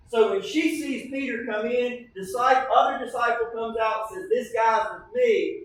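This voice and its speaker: A man's voice: very high voice, heavy reverb, recorded from a distance, slight background noise, rough recording. A man preaching a sermon as pastor, teaching in a conversational way and often checking in with the congregation. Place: church sanctuary.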